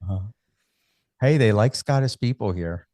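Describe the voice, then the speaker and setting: A man's voice: lowish voice, expressive, moderate pace, mellow, no echo, studio quality. An American man hosting a radio interview, chatty and enthusiastic as he asks questions. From United States. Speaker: radio host.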